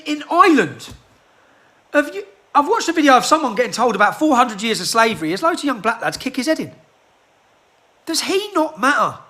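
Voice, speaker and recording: A man delivering an agitated rant into his handheld phone, firing off rhetorical questions and clearing his throat. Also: very high voice, pushed and bright. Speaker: political activist. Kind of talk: impassioned rant to a phone camera.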